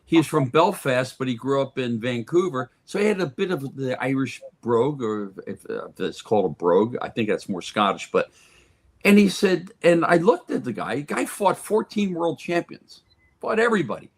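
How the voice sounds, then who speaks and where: A man's voice: medium pitch, lively intonation, moderate pace. A man who is a guest on a sports talk radio show, telling stories in a casual chat and often restarting and repeating words.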